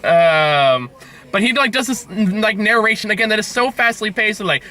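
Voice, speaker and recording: High, bright-voiced man laughing through a review. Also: moderate pace. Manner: laughs often, swears, acts out quotes in silly voices. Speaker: movie reviewer. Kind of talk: casual review chat.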